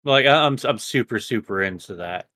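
A man's voice: medium pitch, expressive, normal speed, sharp tone. Rambling, cussing male podcaster. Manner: rambling, profane, restarts a lot. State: a bit high. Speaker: podcast co-host. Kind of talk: casual chat.

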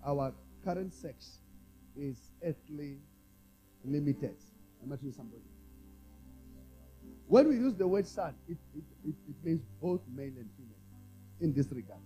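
A man preaching a sermon to a congregation in call-and-response style. He drops to quiet, low asides and then rises to loud exhortation. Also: expressive, normal speed, long pauses, soft background music, poor audio. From South Africa. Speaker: apostle preaching.

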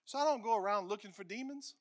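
A man preaching as a pastor, emphatic and repetitive, swinging between loud declarations and hushed lines. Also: high-pitched, quick pace. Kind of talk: sermon.

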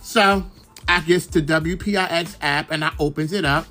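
Gossiping casually on his podcast, this young host from Brooklyn, New York, swears freely and rambles with many fillers. He speaks at a moderate pace in a fairly high, steady, pushed and bright voice, faint music playing underneath.

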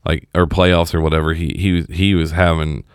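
A man's voice: deep voice, little pitch movement, a little fast, smooth, no echo, clean studio sound. A man co-hosting a podcast in laid-back, wisecracking casual chat, a little crude. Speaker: podcast co-host.

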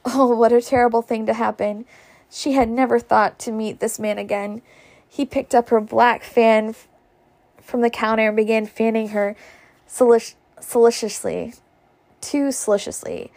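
A woman's voice: fairly high pitch, little pitch movement, normal speed, darkish tone. A woman reading a classic novel aloud casually, stumbling over words now and then. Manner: stumbles and laughs at slips. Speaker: reader.

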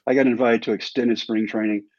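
A man's voice: mid-range voice, steady tone, brisk, a little mellow, no room sound. A man from Texas telling his own story as an interview guest, in a wry, self-deprecating way. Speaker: interview guest, former pro baseball player. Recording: dry, slightly dull recording.

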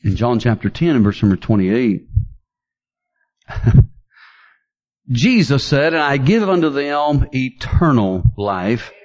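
A man preaching a sermon, fervent and building to near-shouts as he quotes scripture. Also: mid-range voice, big pitch swings, slow pace, pauses often, muffled recording.

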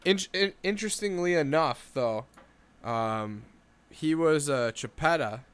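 A man's voice: fairly high pitch, animated, measured pace, smooth. A man in casual podcast chat, telling rambling family stories and acting out the quoted voices.

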